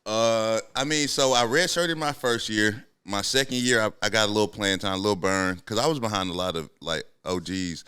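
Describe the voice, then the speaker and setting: A man's voice: on the low side, normal speed, few pauses, bright, forceful tone, clean tone, dry recording, clean studio sound. A man in his thirties, a podcast host and former pro football player, talking in a laid-back, slangy, casual way.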